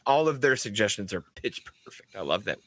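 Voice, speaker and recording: A man co-hosting a casual film podcast, sardonic and quick to laugh. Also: fairly low pitch, sing-song, fairly bright tone, dry recording. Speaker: podcast co-host.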